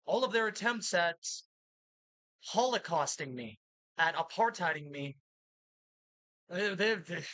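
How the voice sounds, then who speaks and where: Agitated ranting woman, bright dry voice. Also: low-pitched, unhurried, no echo, low-quality recording. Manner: agitated, bursts into shouted insults. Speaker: vlogger. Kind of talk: monologue rant to camera.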